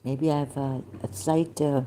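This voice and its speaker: A woman, hoarse from losing her voice, talking haltingly with many pauses and fillers in a personal video monologue. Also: a bass voice, fairly even intonation, warm tone, a little hiss or hum.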